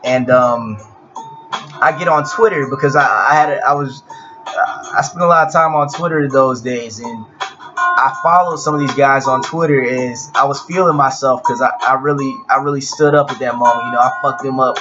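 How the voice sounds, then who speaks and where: A man's voice: mid-range voice, normal speed. A young man telling a personal story in a laid-back, profane way, with frequent restarts. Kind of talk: casual storytelling. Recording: dull lo-fi audio with clear music behind.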